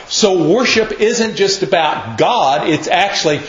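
A man's voice: sits high, expressive, a little slow, fairly bright tone. A man preaching a sermon in an earnest, conversational teaching manner. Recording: echoey, muffled room recording.

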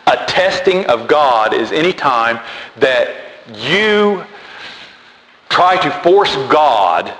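A man preaching a sermon, animated and emphatic, repeating key words. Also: mid-range voice, drawn-out words. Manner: animated, repetitive emphatic delivery. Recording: echoey hall with faint noise.

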